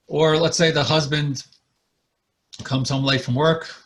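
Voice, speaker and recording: A man's voice: fairly high pitch, steady tone, a little slow, pauses often. A man, a marriage therapist, giving an earnest online lecture over a video call and explaining his points through acted examples.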